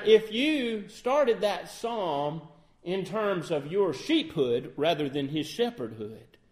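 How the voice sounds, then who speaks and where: High-voiced man preaching earnestly. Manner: earnest, asks the listeners questions, acts out sample phrasings. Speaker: lay preacher. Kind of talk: sermon.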